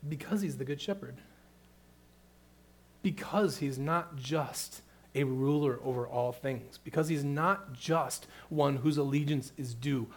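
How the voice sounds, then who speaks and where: A middle-aged man preaching a sermon, moving between hushed, tender passages and loud, emphatic questions. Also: mid-range voice, unhurried. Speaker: pastor.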